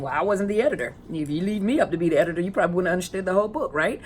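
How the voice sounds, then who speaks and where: With a lowish, animated voice, she talks rapid-fire and hardly pauses, while slight background noise sits underneath. She's a narcissistic-abuse counselor and coach giving a conversational educational talk, heavy on rhetorical questions and repeated phrases, and she uses fillers while reaching for words.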